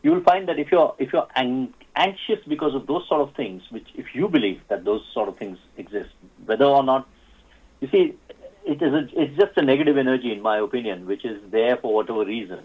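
Guy on a tinny phone line, halting, lots of ums and uhs. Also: mid-range voice, lively intonation, husky. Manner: halting, many fillers and restarts. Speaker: guest. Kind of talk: radio interview storytelling. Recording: phone-like narrow sound.

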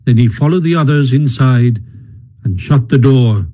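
A man narrating a storybook audiobook in a steady, even storytelling manner. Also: medium pitch, moderate pace, low-quality recording.

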